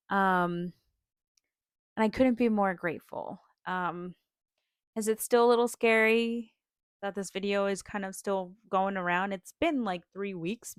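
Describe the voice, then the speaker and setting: A woman's voice: lowish voice, fairly bright tone, no echo, studio quality. A young woman hosting a podcast, telling a personal story in a casual, earnest way, full of "like" and "um" and small laughs. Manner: chatty, with many "like" and "um" fillers and frequent small laughs; earnest and openly emotional. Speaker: podcast host.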